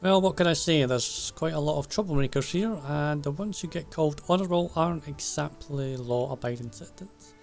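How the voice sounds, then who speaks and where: A man's voice: on the high side, fairly quick, vocal fry, few pauses, soft background music. A man reading as a proud dwarf smith. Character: proud male dwarf smith, stern about family honour. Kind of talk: reading game dialogue aloud.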